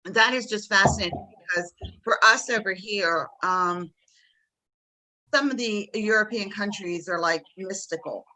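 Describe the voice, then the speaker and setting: A woman's voice: medium pitch, pushed and bright, poor audio. A woman from the Southern United States with a Southern American accent, co-hosting a casual chat with chatty enthusiasm. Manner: chatty and enthusiastic, quick to laugh. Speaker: podcast co-host.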